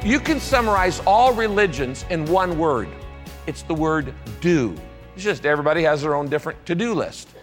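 A man preaching a sermon as pastor, emphatic, repeating key phrases and moving between soft and raised delivery. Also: fairly high pitch, lively intonation, moderate pace, big-room sound, faint music behind.

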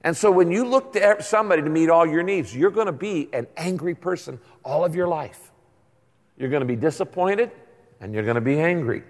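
Older male pastor, fairly high voice, chatty emphatic preaching, long hall reverb. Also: animated, brisk. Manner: conversational preaching with emphatic asides. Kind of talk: sermon.

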